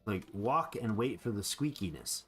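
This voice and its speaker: A man's voice: fairly low pitch, sing-song, normal speed, breathy edge, soft background music. A man giving playful, rambling let's play commentary on a survival game, chatting to the animals he meets. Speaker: gamer.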